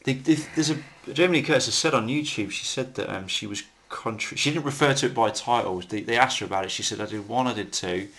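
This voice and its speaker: A man's voice: medium pitch, fast, few pauses, fairly bright tone. A man co-hosting a casual film commentary, chatty, swearing freely and laughing at his own anecdotes.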